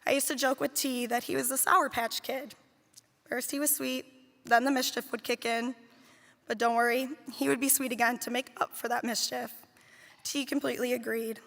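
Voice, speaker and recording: A woman with a high, bright, gravelly voice reads a heartfelt eulogy for children she cared for, speaking with tender fondness. Her words carry a long reverb from a large hall. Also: little pitch movement, normal speed. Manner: heartfelt, tender, fond storytelling. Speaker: nanny giving a eulogy. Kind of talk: read memorial speech.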